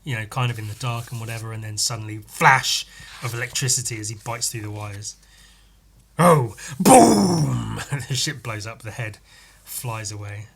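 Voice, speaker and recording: A man's voice: medium pitch, animated, normal speed, vocal fry, husky. A man hosting a podcast, chatting casually as he reads through a comic aloud, enthusiastic and sweary, laughing often. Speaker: podcast host.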